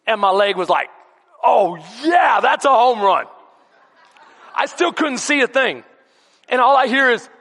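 A man with a Texan accent preaching a sermon, telling a story with emphatic storytelling and questions to the congregation, swinging from shouts to hushed lines. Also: high voice, vocal fry. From Texas. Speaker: pastor. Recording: long church reverb.

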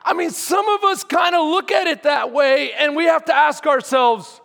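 A man's voice: extremely high pitch, normal speed, vocal fry, hardly any pauses, a bit bright, big-room sound. A man preaching a sermon as pastor, emphatic and quizzing his congregation. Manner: emphatic, asks the congregation questions.

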